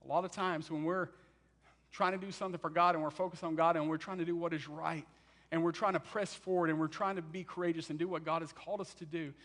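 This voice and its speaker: A man preaching a sermon, telling the story in an animated way and acting out what people say. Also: on the high side, fast.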